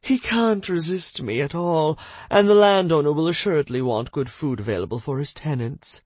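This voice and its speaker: A man's voice: a little high, normal speed, a little mellow, slightly rough, no echo, voice pushed up. A man voicing a vain, gossipy woman who runs a house, talking proudly and smugly. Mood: eager. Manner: proud, smug, chatty.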